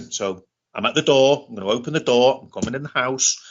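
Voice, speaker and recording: Man, British accent, middle-aged, interview guest, halting, repeats himself, mid-pitched voice. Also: breathy edge. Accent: British English. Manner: halting, repeats words and restarts often. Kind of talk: telling a personal story in conversation. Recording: dull lo-fi recording.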